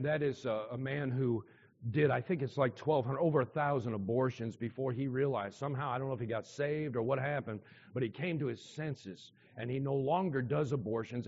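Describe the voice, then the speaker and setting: A man's voice: medium pitch, creaky, darkish tone. A man preaching a sermon to a congregation, emphatic, repeating key phrases and asking the listeners questions. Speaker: pastor. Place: church hall with a congregation. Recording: dull sound with long hall reverb.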